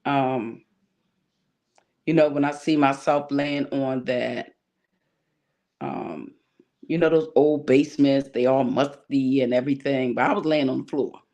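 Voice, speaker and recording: A woman's voice: a bass voice, steady tone, moderate pace, mellow, muffled recording. Woman guest sharing a heartfelt testimony, earnest and close to tears, lots of fillers. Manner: earnest, emotional storytelling with many fillers. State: near tears. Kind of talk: personal testimony in a talk show.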